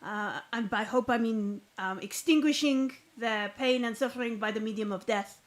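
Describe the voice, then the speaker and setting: A self-important poet man with a put-on French accent rambles on in grand, flowery words, as a woman acts him out. The voice sits a little high, and he takes his time. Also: moderate pace, close to an everyday voice. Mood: grandiose. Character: pompous male poet cultist with a French accent.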